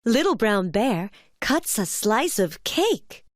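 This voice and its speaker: A woman narrating a children's cartoon in a clear, gentle storytelling voice, recorded as a studio voice-over. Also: a little high, big pitch swings, slow pace, no echo.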